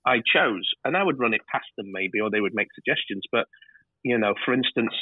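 Husky man on a tinny line. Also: medium pitch, fairly quick, dry recording. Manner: animated storyteller, swears freely. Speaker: TV director, guest. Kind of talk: casual interview chat.

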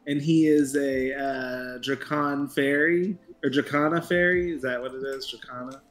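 A man player describing his character in casual game chat, halting, with many pauses and fillers. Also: mid-range voice, steady tone. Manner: hesitant, halting, many ums.

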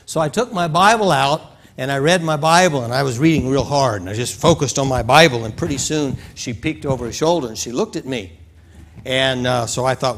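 A man's voice: mid-range voice, fairly quick, a bit bright. A man preaching a sermon in a church, telling a story in a folksy way and acting out its scenes. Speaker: pastor.

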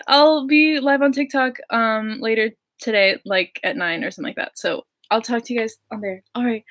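A woman's voice: fairly high pitch, moderate pace, few pauses, a bit bright. A young woman musician chatting on a livestream, giddy and gushing, laughing often. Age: young adult. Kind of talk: casual livestream chat. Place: home.

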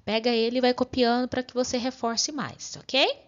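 A woman's voice: on the high side, fairly even intonation, fairly quick. A woman English teacher with a Brazilian Portuguese accent, leading students through repeat-after-me vocabulary drills. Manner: repeats words for students to echo. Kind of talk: classroom drill lesson. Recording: dull lo-fi recording.

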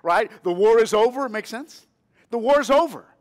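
A pastor in his fifties preaches a sermon in an extremely high-pitched, animated voice at a normal speed. He tells a personal story, dropping to a hush before rising to emphatic calls, and asks the congregation to respond with amen.

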